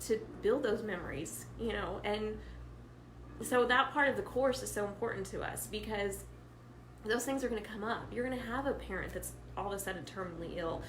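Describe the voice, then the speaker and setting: A woman's voice: medium pitch, brisk, roomy sound, slight background noise, poor audio. A mother co-hosting a parenting talk, speaking personally while emotional and close to tears. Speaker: co-host, homeschooling mother.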